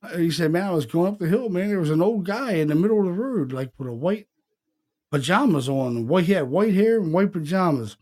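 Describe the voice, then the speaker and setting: A man's voice: high voice, lively intonation, brisk, darkish tone. Casual profane storytelling man. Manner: rambling, profane, retells dialogue in quotes. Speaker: podcast co-host.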